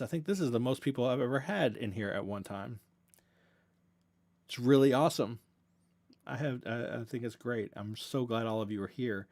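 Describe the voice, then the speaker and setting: A man's voice: medium pitch, moderate pace, darkish tone. A young man from the US South with a Southern accent, hosting a casual livestream Q&A and talking in an earnest, rambling way. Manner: rambling, self-correcting, earnest and grateful. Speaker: reaction channel host.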